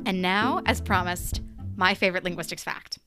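A woman's voice: moderate pace, over loud music. A young woman, an undergraduate student hosting a podcast, delivering a scripted monologue in a wry, emphatic way. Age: young adult. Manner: wry and emphatic, with dramatic pitch swings. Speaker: podcast host.

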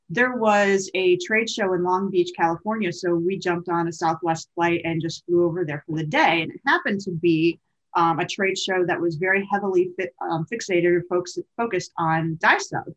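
A woman's voice: lowish voice, normal speed, highs cut off. A woman co-hosting a podcast, telling a story in a chatty, meandering way with self-corrections. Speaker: podcast co-host. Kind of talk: casual conversational storytelling.

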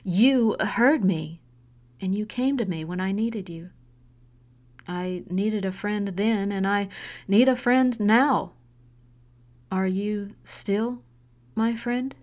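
A woman's voice: mid-range voice, darkish tone, close to an everyday voice. A woman voicing an intense middle-aged mother who is hard on her daughter, speaking in an earnest, pressing way in an audiobook story. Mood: insistent. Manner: earnest, pressing, slow deliberate pleading.

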